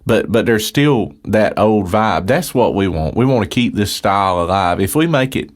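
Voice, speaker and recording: A man's voice: on the low side, animated, moderate pace. A man who is a musician guest on a radio interview, talking earnestly and in a friendly way, often restarting his sentences.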